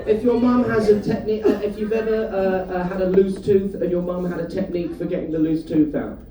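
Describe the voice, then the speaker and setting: A man from the UK doing a stand-up comedy set, telling chatty stories and throwing quick asides to the audience. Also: sits high, fairly even intonation, dark tone. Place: comedy club stage. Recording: roomy live venue, mic heard from a distance. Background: audience laughter.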